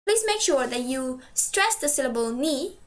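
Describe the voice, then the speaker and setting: A woman teaching a language lesson, patiently saying each word twice and slowly for practice. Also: high voice, expressive.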